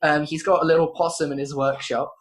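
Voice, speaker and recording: A woman's voice: deep voice, level tone, fast talker, slight background noise. A woman narrating as game master, rambling with fillers and giggles.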